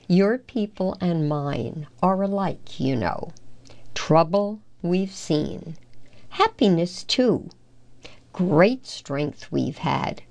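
A woman voicing an elderly, tender widow in a storybook read-aloud, with gentle, old-world phrasing. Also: fairly low pitch, vocal fry, exaggerated voice.

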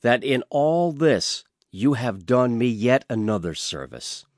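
A man's voice: mid-range voice, sing-song, slow, no echo, studio quality, voice pushed up. A man voicing a proud, angry old king who commands and roars. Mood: stern. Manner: roaring, commanding.

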